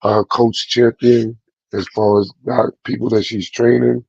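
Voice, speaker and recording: A man who coaches boxing, chatting calmly and easily as a guest on a livestream. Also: medium pitch, measured pace, vocal fry, breathy edge, dry recording. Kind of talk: casual chat. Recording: muffled dry lo-fi audio.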